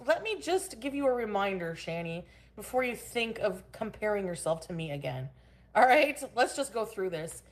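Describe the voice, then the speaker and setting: A woman hosting a casual livestream from home. She greets her chat viewers by name and goes on angry, profane rants. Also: fairly high pitch. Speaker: livestream host.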